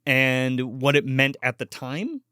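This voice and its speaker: A man's voice: medium pitch, slow pace, sharp tone, clean tone, dry recording, clean studio sound. A man co-hosting a casual movie podcast, upbeat and teasing, stretching words for emphasis. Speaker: podcast co-host. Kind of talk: casual chat about movies.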